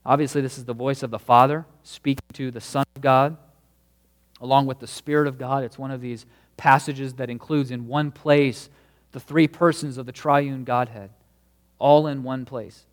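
A man's voice: mid-range voice, fairly even intonation, normal speed. Pastor, man, mid-range voice, delivering an emphatic, earnest sermon in a reverberant church hall. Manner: earnest, emphatic preaching with stresses on key words.

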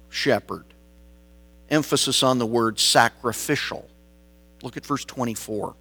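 A man preaching a sermon, slow and deliberate, building his points through repeated phrases. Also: medium pitch, fairly bright tone. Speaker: pastor.

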